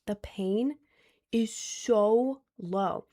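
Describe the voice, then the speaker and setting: A woman's voice: mid-range voice, drawn-out words, dark tone. A young woman chatting casually with her viewers, rambling and repeating herself in loose slang. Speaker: streamer answering chat. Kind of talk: casual chat.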